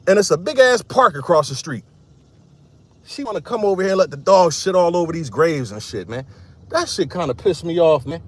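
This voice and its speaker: A man's voice: fairly high pitch, animated, fairly quick, a bit bright, no echo. Blunt, profane man vlogging outdoors. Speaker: content creator. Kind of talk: casual vlog commentary while walking. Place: outdoors in a cemetery.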